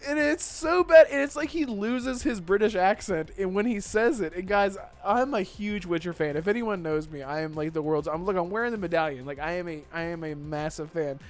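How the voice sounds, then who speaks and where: A man hosting a gaming podcast in casual chat, excitable and laughing often as he rants. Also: high-pitched, fairly quick, few pauses. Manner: excitable, laughs often, swears while ranting. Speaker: podcast host.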